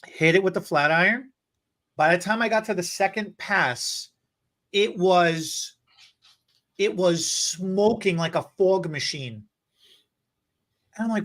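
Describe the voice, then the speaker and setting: A man co-hosting a beauty podcast who tells a lively story in casual chat, acting out what people said and laughing often. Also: high-pitched, measured pace, pauses often. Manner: animated, laughing storyteller who acts out quotes. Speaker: podcast co-host, hair stylist.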